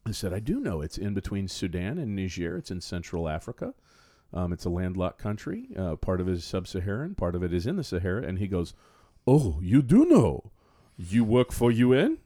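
A man's voice: low voice, fast, no echo, studio quality. A man from Florida telling a story on a podcast, acting out both sides of the conversation. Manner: animated storyteller, acts out dialogue. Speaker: podcast co-host. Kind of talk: casual storytelling chat.

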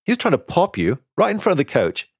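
Brief: bubbly, loyal teen girl pilot, read by a male narrator, raised pitch, gushing delivery. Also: huge pitch swings, fast, husky, no echo, clean studio sound, exaggerated voice. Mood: indignant.

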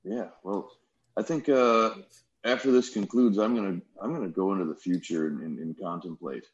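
A man's voice: deep voice, normal speed, reverberant. A man in casual conversation, musing in a philosophical way. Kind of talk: casual chat. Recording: dull lo-fi sound with faint noise.

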